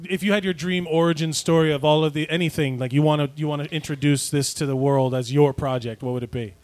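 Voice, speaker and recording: A man's voice: a little high, steady tone, darkish tone. A man hosting a live show, asking questions and joking in casual chat. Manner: joking, quick questions, laughs often. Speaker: host.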